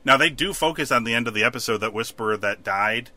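Bright-voiced man in casual TV chat. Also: medium pitch, fast. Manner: rambling, animated, acts out characters' lines. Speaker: podcast co-host.

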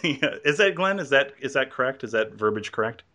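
A man's voice: medium pitch, lively intonation, brisk, sharp tone. A man hosting a podcast in casual chat, joking and laughing often as he rambles through plugs. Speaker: podcast host.

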